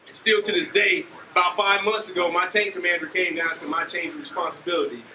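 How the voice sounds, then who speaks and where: A man in his forties from Ohio, an army leader telling students animated stories and often asking "right?". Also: sits high, a little fast. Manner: animated, acts out scenes, keeps asking "right?". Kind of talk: motivational storytelling speech. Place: school auditorium. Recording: echoey hall from far off, faint noise.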